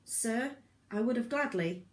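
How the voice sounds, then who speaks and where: A woman's voice: fairly high pitch, expressive, unhurried, roomy sound, pitched above the performer's own voice. A woman reading as a sly, smirking impostor. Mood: sly, mocking. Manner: mocking, sly. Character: smirking, scheming man posing as governor. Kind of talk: audiobook reading.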